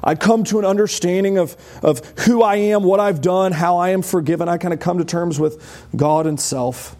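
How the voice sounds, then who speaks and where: A man's voice: high-pitched, normal speed, warm tone. A man preaching a sermon as a pastor, conversational and emphatic, asking the congregation rhetorical questions. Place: church.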